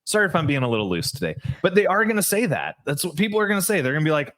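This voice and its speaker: This man's fairly high voice races along as he co-hosts a podcast. Telling stories in casual conversation, he's animated, says "like" constantly, and keeps restarting his thoughts.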